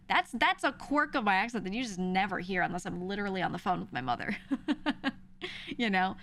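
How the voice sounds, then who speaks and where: A woman's voice: mid-range voice, animated, fairly quick, fairly bright tone. A young woman with a New York area accent chatting casually with her stream, laughing often and restarting her sentences.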